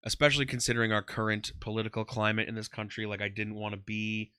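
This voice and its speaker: Guy in his 30s chatting loose on a podcast, bright crisp voice, dry close mic, lots of ums. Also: fairly low pitch, level tone, quick pace, no echo. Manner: rambling, heavy on "um" and "like". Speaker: guest, comedian and former ring announcer. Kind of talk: casual interview chat.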